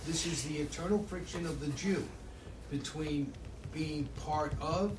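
A man's voice: fairly high pitch, unhurried, a crowd in the background, rough recording. Eager man chiming in from a chattering group. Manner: interjecting, eager to argue. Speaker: class participant. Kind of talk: group discussion.

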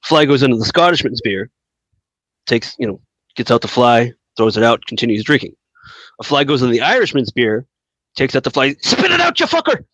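A young man in casual chat, relaxed and rambling, who laughs easily. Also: mid-range voice, normal speed, long pauses, no room sound, rough recording.

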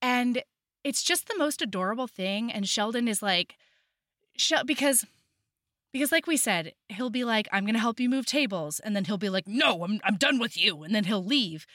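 A woman's voice: a little high, expressive, moderate pace, a bit bright, no room sound, clean studio sound. A woman co-hosting a casual book podcast, gushing enthusiastically as she recaps a romance novel. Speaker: podcast co-host.

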